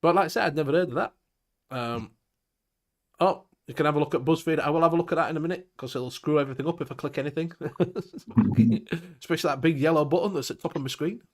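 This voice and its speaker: A chatty man with a somewhat high voice hosts a casual live-stream chat. He reads comments aloud, laughs easily and swears without a second thought. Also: fast talker. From England. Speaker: show host reading viewer comments.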